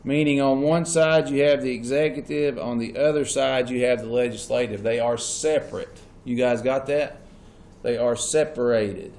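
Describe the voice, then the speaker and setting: A man's voice: medium pitch, fairly even intonation, moderate pace, a little mellow. A man teaching a classroom lesson. He keeps asking the class questions and repeats the key points. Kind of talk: classroom lecture.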